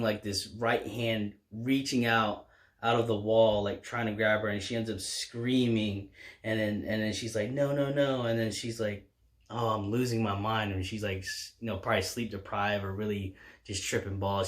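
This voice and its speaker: A man casually recapping a horror comic as a reviewer, rambling along with lots of fillers and restarts. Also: on the low side. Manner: rambling, filler-heavy retelling.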